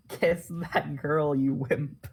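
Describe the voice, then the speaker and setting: A woman's voice: low voice, steady tone, drawn-out words, a little hiss or hum, heavily acted, low-quality recording. A woman voicing a grumpy, scornful male troll teen, in a mocking, exasperated way while reading a comic aloud with friends.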